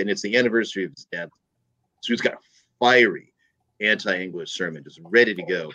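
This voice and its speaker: A man's voice: low-pitched, a little fast, sharp tone, dull audio. Rambling man telling a joke. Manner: rambling with many fillers. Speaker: co-host. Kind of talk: casual chat, telling a joke.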